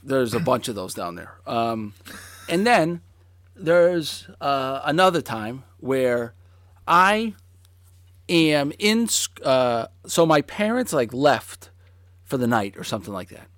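A man in his forties telling a story in casual chat, animated, with lots of fillers and swearing. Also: medium pitch, slow pace, dry recording, studio quality.

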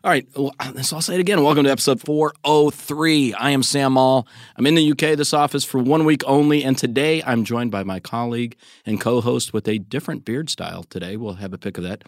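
A man's voice: medium pitch, fast talker, few pauses, dry recording. Upbeat male podcast host, dry sound. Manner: upbeat, joking, reads headlines aloud. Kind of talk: casual news podcast chat. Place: studio office.

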